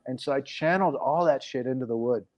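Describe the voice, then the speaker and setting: Talking fast in a medium pitch, a coach and program founder appears as an interview guest, rambling through a casual story with frequent restarts.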